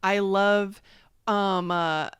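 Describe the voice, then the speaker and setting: Woman cohost, casual chat, keeps agreeing, clear smooth voice, no room sound. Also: mid-range voice, fairly even intonation, no echo. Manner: warmly agreeing, quick to laugh. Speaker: podcast co-host.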